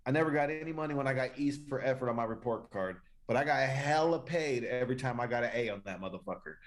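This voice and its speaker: A man co-hosting a casual podcast, talking loosely and slangily as he rambles through his opinions. His pitch sits in the middle for a man. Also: quick pace. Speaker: podcast co-host. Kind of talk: casual profane podcast chat.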